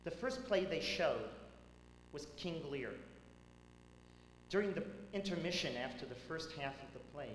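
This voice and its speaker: A man, a rabbi, giving a tribute speech at a banquet, telling stories with dramatic swings between loud and hushed delivery. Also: on the high side, lively intonation, measured pace, pauses often. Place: large banquet hall. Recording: echoey hall with faint hum.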